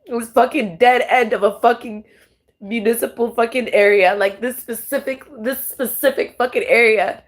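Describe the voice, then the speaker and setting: A woman vents straight to camera in a raw, emotional monologue, her voice a little higher than most. She rambles, swears freely and trips over restarts as she talks. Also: fairly even intonation, normal speed. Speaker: tarot vlogger.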